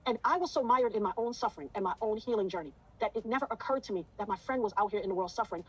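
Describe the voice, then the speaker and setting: Rapid-fire fervent woman telling her story. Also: fairly high pitch, very noisy. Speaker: interview guest. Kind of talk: emotional interview testimony.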